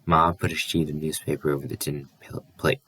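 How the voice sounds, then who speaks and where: A man's voice: very deep voice, level tone, a little fast, sharp tone, husky, dry recording. A man reading a novel aloud as an audiobook, with small slips and restarts. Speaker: audiobook reader.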